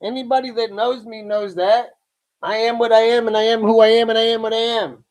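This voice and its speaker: Hosting a live reaction stream, this Lakewood, Ohio, US man has a very high voice with little pitch movement and a darkish tone. He's casual and blunt, swearing, bragging and using slang like "bro" and "dude," and he talks slowly and drawn out, often repeating himself and restarting.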